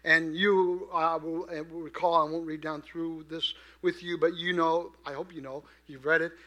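A man preaching a sermon in a conversational way, asking his listeners questions and swinging from quiet to loud. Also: a little high, little pitch movement, normal speed. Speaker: pastor.

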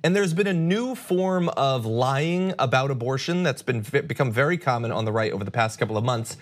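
Brief: male podcast host, mid-pitched voice, dry sarcastic commentary. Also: expressive, a little fast. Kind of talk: scripted segment intro.

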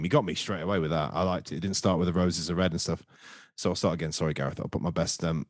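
Fast-talking joking host. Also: male voice, deep voice, fairly even intonation, no room sound, studio quality. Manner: joking, self-deprecating, rambling. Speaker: podcast host. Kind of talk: casual football chat. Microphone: video call.

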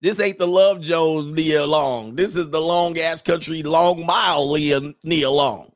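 A man's voice: on the high side, measured pace. A man hosting a casual commentary show, talking bluntly with profanity and mocking jokes, laughing at his own remarks. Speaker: host.

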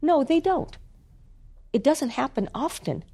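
A woman reading out the quoted words of an earnest grown man, in a lively, heartfelt way. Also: high-pitched, unhurried, creaky, voice pushed up, full character voice.

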